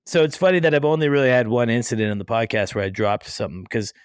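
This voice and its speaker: Male podcast host, mid-pitch, casual rambling chat, dry studio sound. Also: lively intonation, fast talker, smooth, no echo. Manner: chatty, rambling, self-deprecating.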